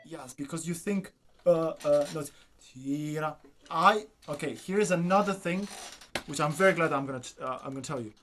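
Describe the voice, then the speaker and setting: Teaching a violin masterclass at a moderate pace, a man with a fairly high, slightly bright voice gently coaxes his student. He demonstrates by singing phrases and checks in by asking "do you understand?"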